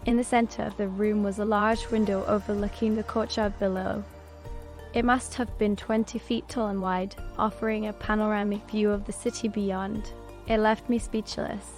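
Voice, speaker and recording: A woman reading a fantasy audiobook as first-person scripted narration, telling it evenly and unhurriedly. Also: mid-range voice. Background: soft background music.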